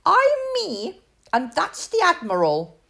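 A woman voicing an excitable, stubborn little girl princess with a shrill, whiny manner in a storybook read-aloud. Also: takes it slowly, creaky, exaggerated voice.

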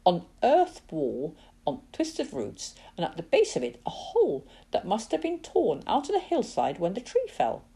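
A husky, expressive woman narrating a story. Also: mid-range voice, normal speed. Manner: expressive, dramatic reading.

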